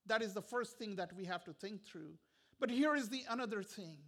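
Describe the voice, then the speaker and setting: A male pastor delivering a sermon with earnest, repetitive phrasing that sometimes drops to a hushed tone. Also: high-pitched, expressive, fairly quick. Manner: earnest, repetitive preaching with soft, hushed stretches.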